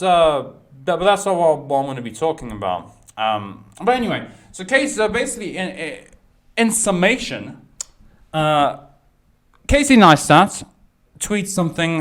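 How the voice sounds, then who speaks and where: Brief: young male commentator, casual profane rant, rambling delivery. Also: mid-range voice. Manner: rambling, sweary, lots of fillers and restarts. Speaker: YouTube commentator.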